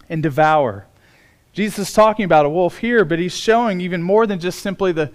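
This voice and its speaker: High-voiced earnest man preaching. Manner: earnest, emphatic, slowing down on key words. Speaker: pastor. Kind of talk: sermon.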